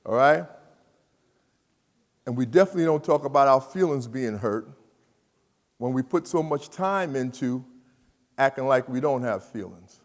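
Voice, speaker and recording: A man giving an animated, emphatic talk to a live audience of students, repeating phrases and questioning the crowd. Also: mid-range voice, moderate pace, long pauses. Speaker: speaker addressing students. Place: large hall. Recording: reverberant hall.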